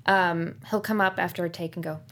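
A young woman, an actress guest, chatting in an interview in a bubbly, animated way with lots of laughter. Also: on the low side, brisk, slight background noise. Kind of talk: casual interview chat.

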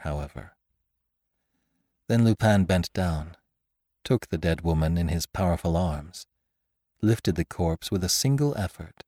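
Deep, animated male storyteller reading a classic adventure, dry studio sound. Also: no room sound. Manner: expressive storyteller. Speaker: narrator. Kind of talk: dramatic audiobook narration.

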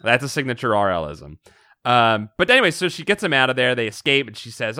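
A man's voice: medium pitch, brisk, smooth, dry recording, clean studio sound. A man co-hosting a casual podcast, recapping a book with laughter and frequent swearing. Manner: animated, laughing, swears freely. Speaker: podcast co-host.

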